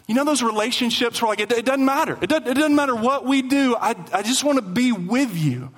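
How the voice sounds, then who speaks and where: A man preaching a sermon as pastor, animated, repeating lines for emphasis and slowing down to stress his points. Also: very high-pitched. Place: church sanctuary.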